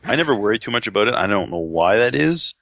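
A man co-hosting a casual podcast, easygoing and quick to laugh, reading a listener's email. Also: on the low side, big pitch swings, creaky, a bit bright, dry recording, lo-fi sound. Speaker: podcast co-host.

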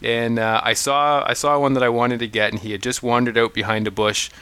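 A man co-hosting a podcast, telling hunting stories in an animated, casual way, often restarting his sentences. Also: mid-range voice, fairly quick, smooth, no room sound. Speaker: podcast co-host. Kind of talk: casual storytelling chat.

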